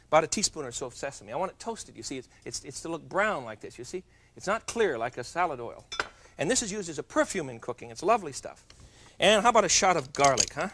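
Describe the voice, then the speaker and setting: A man's voice: a little high, a bit bright, slight background noise. A man hosting a TV cooking demonstration, chatty and playful, joking with viewers as he works. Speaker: TV cooking show host.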